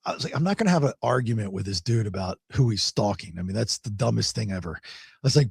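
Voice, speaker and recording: This man talks fast at a medium pitch, his voice husky with vocal fry. He's a podcast host telling a long, rambling story in casual chat, repeating words and growing animated when he quotes others. The recording is dry and cleanly studio-produced.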